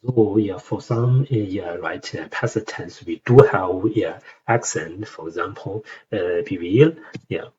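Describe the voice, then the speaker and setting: A man's voice: sits low, a little slow, a little mellow, husky, lo-fi sound. A young man with a Chinese accent explaining lyrics in a casual tutorial, hesitant, with many fillers and tag questions. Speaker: language learner explaining song lyrics.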